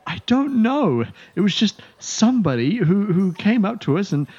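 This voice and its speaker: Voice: mid-range voice, sing-song, normal speed, mellow, breathy edge, muffled recording, pitched above the performer's own voice. A game master voicing a nervous, stammering male elf thug who failed as an actor. He repeats words in panic.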